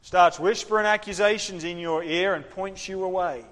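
A man delivers a lively, interactive sermon and slips into short acted voices as he preaches. His voice is fairly high for a man. It rings with the long reverb of a church hall. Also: moderate pace. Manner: animated preaching, acts out voices.

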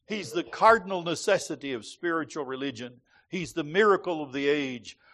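Emphatic male preacher, higher voice. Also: a bit bright. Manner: rhythmic, emphatic preaching cadence. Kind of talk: sermon.

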